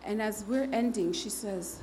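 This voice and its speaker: A woman's voice: medium pitch, measured pace, dark tone, slight background noise. Candid woman giving church testimony. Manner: candid and humorous, acting out quoted speech; conversational, with frequent fillers. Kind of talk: personal testimony to a congregation.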